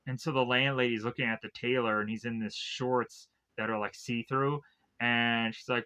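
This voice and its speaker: A man's voice: mid-range voice, steady tone, normal speed, pushed and bright, clear, resonant tone. A man casually recapping a film's plot as a reviewer, rambling with lots of "like" and "uh" fillers. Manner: rambling, filler-heavy with constant "like" and "uh". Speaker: film reviewer.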